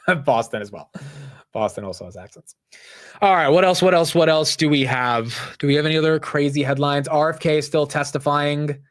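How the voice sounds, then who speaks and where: On his stock market livestream, a young man talks at a normal speed with a voice on the high side. He's casual and energetic, drifts around a lot, and leans heavily on "bro" and "dude."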